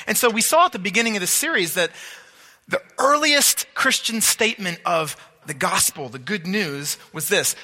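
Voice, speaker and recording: A man's voice: sits high, pushed and bright, long reverb tail. A man preaching a sermon, teaching emphatically and asking rhetorical questions.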